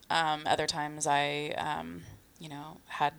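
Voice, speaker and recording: A woman's voice: deep voice, level tone, normal speed, vocal fry, fairly bright tone. A woman co-hosting a casual podcast, thinking aloud in a hesitant, reflective way with many fillers.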